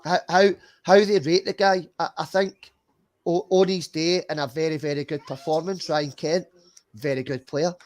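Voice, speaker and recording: A man's voice: fairly high pitch, fairly even intonation, normal speed. Blunt sweary Scottish man. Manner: blunt, sweary, emphatic, repeats words. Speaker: podcast host. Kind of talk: casual football chat.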